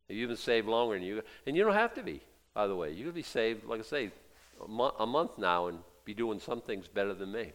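A middle-aged male pastor preaching a sermon, animated and emphatic, dropping to hushed asides and rising to loud bursts. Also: lowish voice, a little fast.

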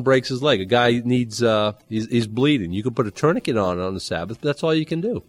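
A man teaching from the Bible in a relaxed, talkative sermon style. His pitch sits in the middle but jumps sharply when he gets animated, and he slips in dry humor. The recording is dry, with almost no room sound. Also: fairly quick, hardly any pauses, no echo. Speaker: pastor.

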